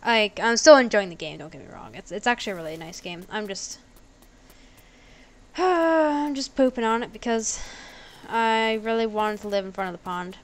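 A woman's voice: medium pitch, lively intonation, normal speed. A young woman giving playful, sarcastic commentary while playing a video game, bickering with the characters and laughing easily. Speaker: let's play gamer. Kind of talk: casual gameplay commentary.

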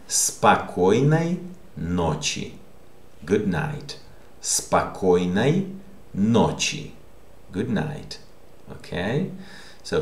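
A man teaching a language lesson, repeating words slowly and checking in with the listener. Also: low-pitched, vocal fry. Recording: echoey room.

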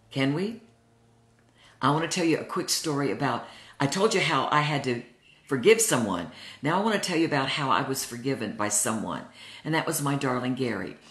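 A woman's voice: a bass voice, a bit bright. Earnest woman in her sixties teaching. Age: 60s. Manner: earnest, heartfelt personal storytelling. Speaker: Bible study teacher. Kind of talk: Bible study teaching. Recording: roomy echo.

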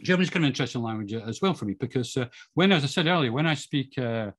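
A man's voice: mid-range voice, lively intonation, very fast. A middle-aged Scottish man talking casually about his life, rambling with many fillers and restarts. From Scotland. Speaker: podcast guest. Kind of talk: casual monologue.

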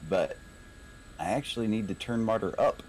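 A man's voice: on the low side, moderate pace, slight background noise, poor audio. A man chatting with his gaming squad over a headset, dry and a little hesitant. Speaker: squad pilot. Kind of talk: casual gaming voice chat.

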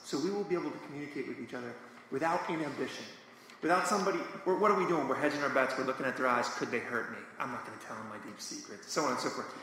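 Bright, earnest man in an echoey hall. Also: mid-range voice. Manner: earnest, enthusiastic, emphatic. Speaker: panelist, musician. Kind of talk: casual panel discussion. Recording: echoey live hall with faint noise.

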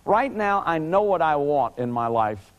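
Animated high-voiced man in his fifties. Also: measured pace, highs cut off. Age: 50s. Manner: animated, acts out little scenes with sudden shouts and growls; repeats words as he restarts sentences. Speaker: lecturer on family therapy. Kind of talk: lively lecture.

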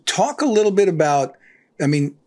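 A man's voice: high-pitched, sing-song, normal speed, warm tone. A man hosting an interview, thoughtfully summarizing the guest's story before asking his question. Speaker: podcast host.

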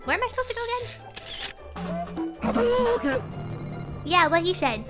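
A woman's voice: very high voice, big pitch swings, unhurried, music in the background. A woman streamer chatting casually over gameplay, bubbly and swearing when startled.

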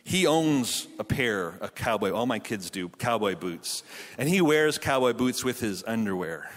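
A man in his thirties speaks from a conference stage at a mid-range pitch. He mixes jokey storytelling with earnest preaching. The tone is that of a casual but committed conference sermon. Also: animated, measured pace. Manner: jokey storytelling, then earnest Bible teaching. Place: conference hall.

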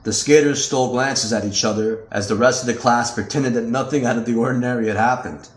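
A man's voice: mid-range voice, brisk. Man reading his novel in an echoey room. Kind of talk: audiobook narration.

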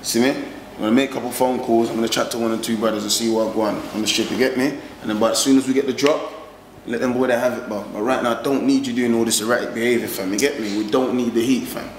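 A man's voice: mid-range voice, steady tone, fast, roomy sound, a little hiss or hum, lightly acted, rough recording. A man playing a controlling gang boss. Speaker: gang leader. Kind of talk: indie street film acting.

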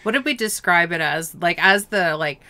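A woman chats about a film with a co-host in a loose, animated way, her tone bright and forward, sitting a little low in pitch for a woman. She swears offhand and laughs her way through the recap. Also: moderate pace. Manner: chatty, animated, swears casually. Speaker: movie review co-host. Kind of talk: casual chat.

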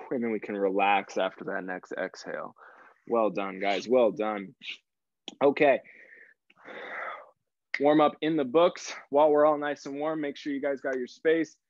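A man's voice: mid-range voice, level tone, a little slow, pauses often, no room sound. Upbeat male fitness coach, dry dull audio. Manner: upbeat coaching cues, encouraging. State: slightly out of breath. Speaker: fitness instructor. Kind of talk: live online workout class.

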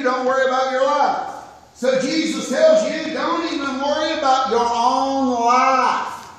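Older guy preaching, high voice, folksy and self-mocking, up loud then quiet, big echoey church hall. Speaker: pastor. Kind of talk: sermon. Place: church sanctuary.

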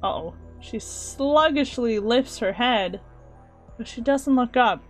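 A woman reading a visual novel aloud, narrating and reacting with animated asides. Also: a little high, slow pace, soft background music. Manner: animated reactions and filler sounds. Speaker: let's play host.

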